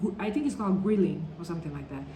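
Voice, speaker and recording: This vlogger is a woman whose fairly low, dark voice races along animatedly as she rambles through a storytime video to camera. "Like" and "you know" pop up throughout, and the audio has a roomy echo with faint background noise.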